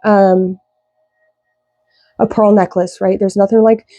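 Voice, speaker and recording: A woman giving a casual tarot reading, rambling with lots of fillers, slow when she reads out card meanings. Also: medium pitch, level tone, dark tone, no room sound, highs cut off, soft background music. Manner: rambling, loose, with many fillers. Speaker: tarot reader.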